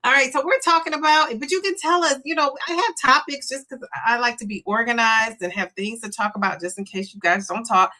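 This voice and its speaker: A woman's voice: on the high side, brisk, hardly any pauses, sharp tone. A middle-aged woman hosting a casual livestream, chatting openly, reading viewer comments aloud and cheering people on. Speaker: livestream host.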